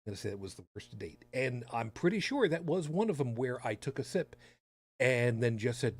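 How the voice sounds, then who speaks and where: A man's voice: medium pitch, very animated, brisk, husky, faint music behind. A man hosting a podcast in casual chat, talking with sarcastic, rambling asides. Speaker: podcast host.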